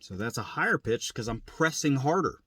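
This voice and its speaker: A man's voice: medium pitch, big pitch swings, normal speed, fairly bright tone, slightly rough, dry recording. Plain-spoken man teaching turkey calls. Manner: plain-spoken, repeats points, imitates turkey sounds. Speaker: turkey hunting instructor. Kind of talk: casual instructional demo.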